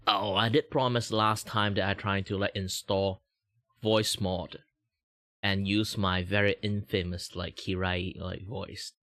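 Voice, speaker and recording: A man's voice: low-pitched, flat delivery, measured pace, bright, forceful tone, dry recording, clean studio sound. A young man from Malaysia streaming as a VTuber, chatting casually at a desk mic in a rambling, self-mocking way and chuckling often. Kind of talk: casual livestream chat.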